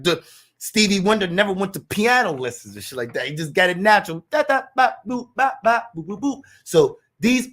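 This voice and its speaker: A man in a casual monologue rant, full of profane street slang, acting out what people say. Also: high-pitched. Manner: animated, profane street slang, acts out quotes.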